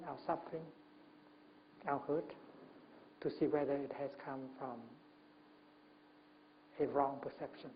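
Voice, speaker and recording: A man, a Buddhist monk, giving a Dharma talk at a retreat, speaking gently in short phrases with many pauses and fillers. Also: fairly high pitch. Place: retreat talk before an audience. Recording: muffled lo-fi recording with faint hum.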